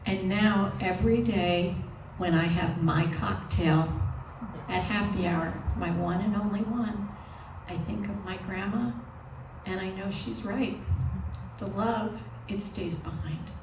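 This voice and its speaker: A woman tells a personal story live on stage, slow and deliberate, with real emotion behind it. Her voice sits at a middle pitch. It is caught from a distance in a roomy venue, with clear noise from the room. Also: steady tone. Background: audience noise.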